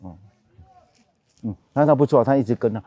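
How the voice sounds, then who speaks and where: A male Buddhist monk gives a dharma lesson, moving between English and Mandarin as he explains each step. He chants mantra syllables slowly and deliberately, in a mid-range voice. The sound is dry, with little room echo. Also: medium pitch, dark tone, highs cut off. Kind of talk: dharma teaching with mantra recitation.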